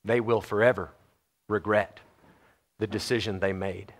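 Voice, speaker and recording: A man preaching a sermon in a Texan American accent, moving from quiet, low passages to loud, animated ones. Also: a little slow. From Texas. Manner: animated, swings from quiet to loud and laughs often.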